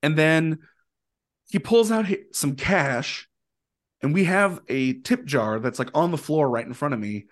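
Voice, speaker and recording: A man telling a long story in a casual, animated way, with plenty of fillers and acted-out quotes. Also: a little high, a little slow. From Indianapolis area, USA. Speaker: guest musician.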